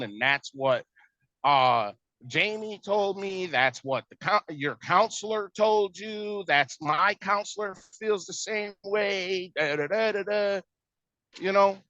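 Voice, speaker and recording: Speaking as a stepparent, this man casually vents about a family fight, quoting the dialogue as he goes. The slightly high voice is bright and forceful, recorded dry and lo-fi with a dull sound and no echo.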